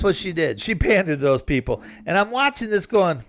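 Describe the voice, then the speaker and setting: A man's voice: high-pitched, sing-song, a little fast, gravelly, hardly any pauses, fairly bright tone. A man delivering an emphatic, rambling political monologue with sarcastic asides. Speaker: political commentator.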